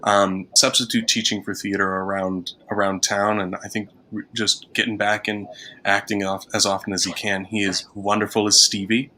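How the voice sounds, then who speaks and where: A man's voice: on the low side, flat delivery, normal speed, bright, forceful tone, a little hiss or hum. A man, a theater director, chatting casually and praising his cast with easy laughs. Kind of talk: casual interview chat.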